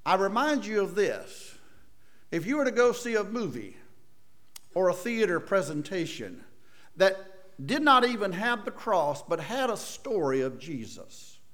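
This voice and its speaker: A male preacher delivers a sermon in a somewhat high voice with a very lively, animated pitch. He swings from forceful, loud bursts down to hushed, near-whispered lines. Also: measured pace, long pauses.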